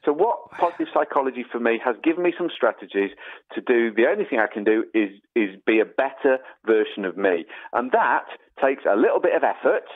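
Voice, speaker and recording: A man's voice: mid-range voice, a little fast. Emphatic English man on tinny line. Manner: animated, emphatic, storytelling. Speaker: guest expert. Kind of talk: enthusiastic conversation.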